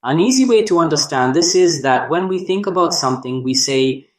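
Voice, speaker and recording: A man narrating a scripted language lesson, speaking deliberately and drawing out sounds to demonstrate them. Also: fairly high pitch, expressive. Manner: slow, deliberate delivery demonstrating tones with drawn-out sounds. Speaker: language teacher.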